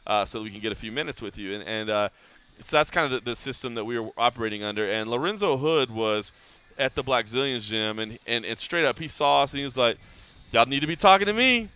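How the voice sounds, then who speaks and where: A man's voice: mid-range voice, quick pace, clean tone. A man hosting a casual podcast, chatting and telling stories, often acting out quotes in a raised voice. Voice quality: animated storyteller, acts out quotes in raised voice. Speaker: podcast host.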